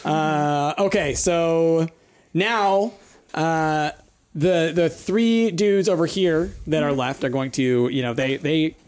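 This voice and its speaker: A man's voice: on the high side, slow, darkish tone, clean tone. A man running a tabletop game as game master, rambling with many fillers and restarts.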